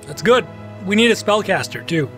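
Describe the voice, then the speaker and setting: A man giving casual let's-play commentary. He is excitable, swears casually, and talks back to the game as he plays. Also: sits high, normal speed, faint music behind.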